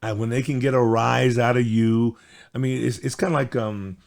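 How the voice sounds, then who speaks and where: A man's voice: mid-range voice, fairly even intonation, normal speed, gravelly, no room sound, clean studio sound. A man hosting a casual commentary show, scolding and exasperated, with many fillers and restarts. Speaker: host.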